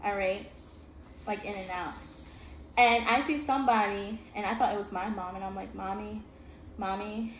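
A woman's voice: mid-range voice, moderate pace. A young woman telling a painful personal story in earnest, often checking in with "okay?". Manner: earnest, repeats "okay?" to the listener. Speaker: vlogger telling her story. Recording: echoey room with steady noise.

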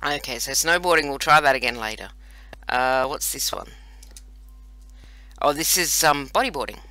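An Australian let's play host of around forty chats playfully and mocks himself while playing a video game, keeping up a running banter of casual commentary. His medium-pitched voice is animated, bright and forceful, at a moderate pace with no echo.

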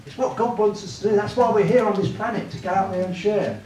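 A man's voice: high-pitched, fast, warm tone. A man giving a church evangelism talk, chatty, often asking the room tag questions. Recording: echoey room, mic far off, clear noise.

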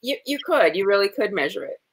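A woman co-hosting a home cooking show from the kitchen, chiming in with short encouraging remarks and quick asides. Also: mid-range voice, expressive, rough recording. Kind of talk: casual cooking chat.

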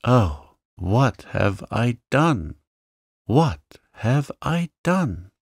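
A man's voice: medium pitch, animated, measured pace, gravelly, a little mellow, no room sound, studio quality, pitched above the performer's own voice. Man voicing a distraught, remorseful young woman. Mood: anguished.

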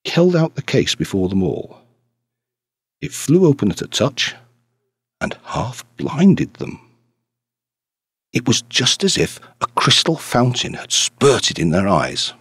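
A man reading a classic detective story aloud as an audiobook narrator, with expressive storytelling. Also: mid-range voice, takes it slowly, pauses often, husky, no echo, studio quality. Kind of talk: scripted narration.

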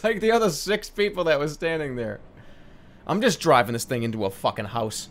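A man's voice: a little high, animated, fairly quick. A man giving sarcastic, exasperated let's play commentary, swearing and laughing at a glitchy game. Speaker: gaming commentator.

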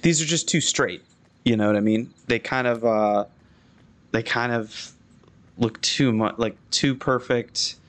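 A young adult man gives chatty live commentary while playing a video game, critiquing its buildings at a slow pace with a fairly bright tone. His pitch barely moves, though he restarts often and lets out sudden high-pitched exclamations.

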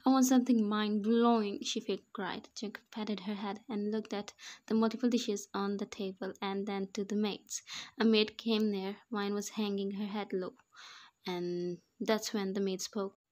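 Flat-voiced woman reading fan fiction. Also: medium pitch, a little slow. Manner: even, monotone reading with small slips. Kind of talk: amateur fan fiction voice-over.

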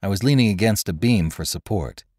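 A man narrates an adventure story with dramatic flair. His voice sits very low yet moves with lively, wide swings of pitch. The sound is dry and close, with no room echo. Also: brisk. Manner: dramatic storytelling, dropping low and quiet for dialogue. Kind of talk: scripted narration.

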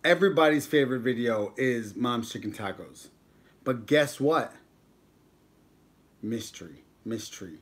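A young man hosting a mukbang livestream chats casually with viewers, joking, bantering with chat and reading out their names as he goes. His mid-range voice is animated but a little slow, with long pauses.

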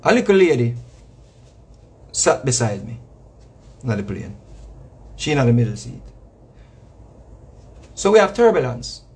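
This Jamaican reggae artist has a husky, darkish, medium-pitched voice and is very animated, speaking a little slowly with long pauses. His casual monologue repeats points emphatically, preachy and sprinkled with slang.

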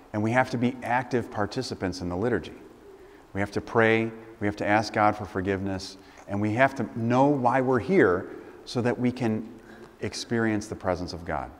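A man preaching a sermon as a priest, asking questions and building emphatic lists. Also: fairly low pitch. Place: church. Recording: long church reverb.

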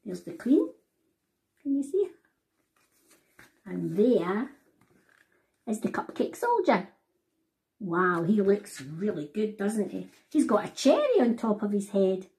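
A woman author reading her picture book aloud to children, animated and talking to them directly. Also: medium pitch, takes it slowly, pauses often. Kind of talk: storybook read-aloud for children.

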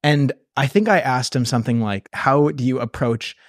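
A man's voice: mid-range voice, normal speed, dry recording, studio quality. A man hosting a podcast interview, easygoing and asking his guests questions. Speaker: podcast host.

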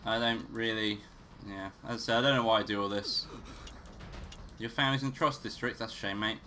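A man's voice: fairly low pitch, steady tone, a little fast, pushed and bright, soft background music. A man hosting a let's play, casually commentating, swearing and joking to himself as he plays. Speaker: gaming channel host.

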